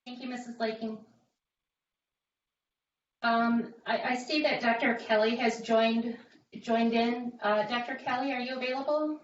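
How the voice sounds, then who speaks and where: A woman's voice: fairly high pitch, steady tone, measured pace, pauses often, dull audio. A woman chairing a council meeting, calling on speakers politely and briefly. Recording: distant, echoey room mic.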